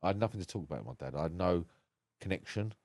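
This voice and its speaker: A man with a very low, deep voice tells his own story on a podcast. He speaks frankly and with emotion and swears freely. His voice sounds close and dry, with no room echo. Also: expressive, racing, darkish tone. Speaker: podcast guest. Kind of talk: candid personal storytelling.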